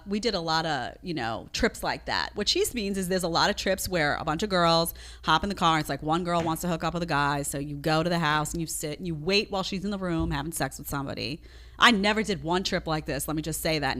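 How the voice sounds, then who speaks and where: A woman giving opinionated commentary in a low voice that swings widely in pitch. She sounds indignant and sarcastic, hammering her points with emphasis. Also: fairly bright tone. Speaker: commentator reacting to a clip.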